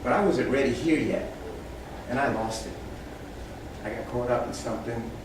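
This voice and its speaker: A man's voice: medium pitch, moderate pace, noisy background. A man giving a motivational talk to a small live group, telling animal stories and acting out the animals' voices with big shifts in energy. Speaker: motivational speaker. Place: room with a small audience. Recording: echoey room, speaker far from mic.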